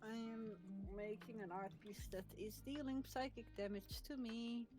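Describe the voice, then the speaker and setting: A woman's voice: fairly high pitch, a little slow, music in the background. A woman with a Dutch accent chatting on a call while drawing, dry and self-mocking. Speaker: friend on call. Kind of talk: casual chat while drawing.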